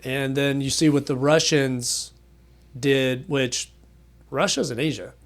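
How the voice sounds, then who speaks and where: A man's voice: medium pitch, fairly even intonation, takes it slowly. A man from the United States in casual conversation, earnest, often restarting as he searches for words. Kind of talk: casual chat.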